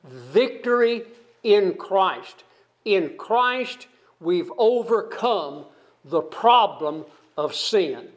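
A man's voice: high voice, lively intonation, drawn-out words. A man preaching an expository sermon, reading scripture aloud and explaining it verse by verse, asking his listeners questions. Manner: asks the congregation questions.

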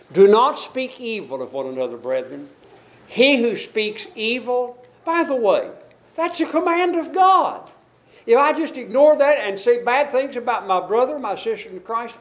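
Guy preaching a sermon, fairly high voice, earnest, quotes scripture and rises and falls for emphasis. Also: sing-song, a little slow, low-quality recording. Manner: earnest, scripture-quoting, rising and falling emphasis.

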